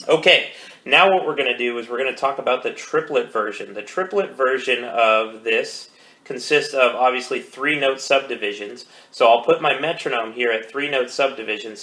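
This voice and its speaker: Bright-voiced man teaching drum rudiments. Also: medium pitch. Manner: counts beats aloud, calm coaching. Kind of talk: instructional rudiment lesson. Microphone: phone. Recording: echoey room with faint noise.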